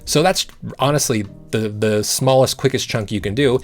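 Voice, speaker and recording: A man explains a language-learning method in a patient, encouraging way. He repeats sounds slowly to show each step. Faint guitar music plays underneath. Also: medium pitch.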